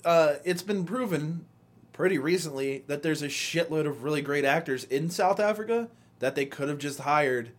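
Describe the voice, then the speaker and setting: A man's voice: on the high side, moderate pace. A young man co-hosting a casual podcast chat, ranting animatedly with lots of swearing and laughter. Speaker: podcast co-host.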